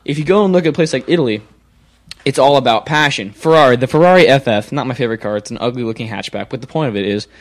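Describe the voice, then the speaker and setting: A man's voice: medium pitch, fast. Rambling, pushy male podcast host. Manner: rambling, pushy, restarts and stutters when excited. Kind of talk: casual chat.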